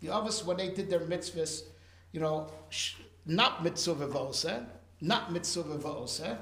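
High-voiced man teaching a Torah class. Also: measured pace, fairly bright tone, roomy sound. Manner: conversational, sprinkled with Hebrew and Yiddish terms, asks "right?".

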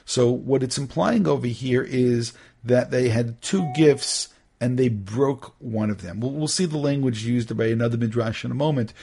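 A middle-aged man teaching a Torah study class, animated, acting out little dialogues and restarting his sentences often. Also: mid-range voice, moderate pace, creaky, hardly any pauses.

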